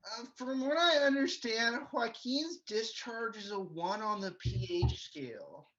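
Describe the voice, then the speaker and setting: A woman's voice: on the high side, unhurried, a bit bright, dull audio. A woman playing a naive kid who overshares in an innocent, matter-of-fact way.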